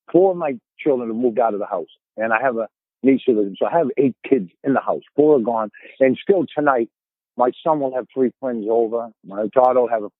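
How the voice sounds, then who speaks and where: Over phone-quality sound with no echo, a mid-range male voice carries a Boston accent. He's in his fifties and from the Boston area, a podcast guest rambling casually through stories and often repeating his opening words.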